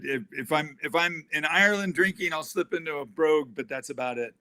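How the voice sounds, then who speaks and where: A man from the United States, a podcast guest, chatting casually and joking with a relaxed manner. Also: fairly high pitch, a little fast. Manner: relaxed, joking, laughs often. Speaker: interview guest. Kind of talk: casual interview chat.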